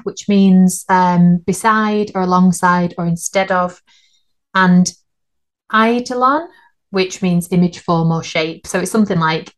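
A woman, co-hosting a podcast in casual chat and laughing at her own slips. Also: fairly low pitch. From United Kingdom. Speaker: podcast co-host.

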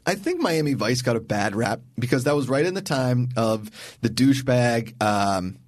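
A man's voice: medium pitch, animated, normal speed, dry recording. A man co-hosting a podcast in casual chat, rambling and joking as he talks through films and actors. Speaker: podcast co-host.

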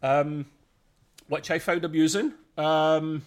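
A man co-hosting a podcast, reviewing a TV episode in lively casual chat, laughing often. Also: on the high side, slow pace. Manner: animated, laughs often, slips into mimicry. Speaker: podcast co-host.

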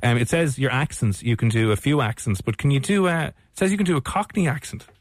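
Fast-talking Irish radio host. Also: male voice, medium pitch, lively intonation, dry recording. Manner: quick, joking, teasing. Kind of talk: live radio chat. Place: radio studio.

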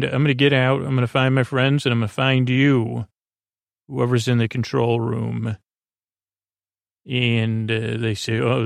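A man's voice: mid-range voice, creaky, dry recording, clean studio sound. A man hosting a podcast, rambling through a sleepy recap of a TV episode with many fillers and restarts. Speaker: podcast host.

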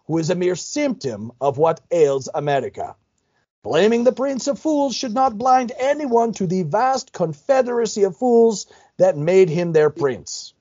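A man putting on a thick Ukrainian accent reads a grave statement slowly, with heavy emphasis. The voice is mellow and a bit husky, pitched higher and swinging widely. The recording is somewhat dull and lo-fi. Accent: put-on Ukrainian.

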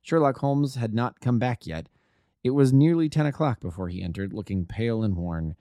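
A man narrating a classic detective story aloud as an amateur audiobook reader, with a steady, even delivery. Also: medium pitch, moderate pace, no room sound.

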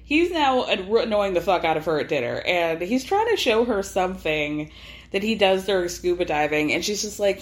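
A woman's voice: medium pitch, sing-song, moderate pace. A woman hosting a podcast, recapping a reality show in a casual, chatty way and acting out the quotes. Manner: chatty, acts out quotes with laughs. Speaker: podcast host.

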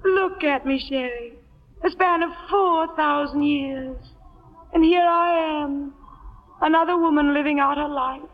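A woman's voice: high-pitched, measured pace, muffled recording. An actress playing a vain, melodramatic glamorous woman in a 1940s radio play, speaking in an affected, dramatic way. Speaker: Lorraine, an actress. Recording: scratchy 1940s radio broadcast with reverb.

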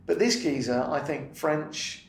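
A middle-aged man with a British accent, a comedian guest telling an animated anecdote in casual chat. He laughs freely and swears often. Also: on the high side, a little slow, vocal fry. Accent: British English. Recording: roomy and distant with faint noise.

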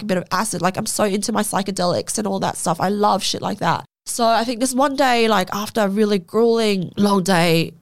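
Australian woman, interview guest, candid and sweary, heavy "like" filler, mid-pitched voice. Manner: casual, swears freely, fills speech with "like". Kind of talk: candid personal storytelling.

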